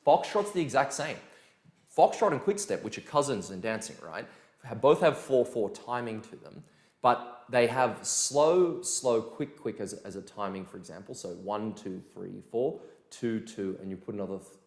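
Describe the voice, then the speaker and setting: A man teaching a dance lesson in a casual, energetic way, counting beats aloud. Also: on the low side, moderate pace. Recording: echoey room with music behind.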